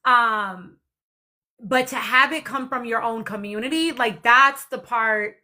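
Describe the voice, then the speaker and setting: Bright-voiced woman hosting a live panel. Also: a little high, slow. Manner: earnest, reflective, says y'all. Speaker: live stream host.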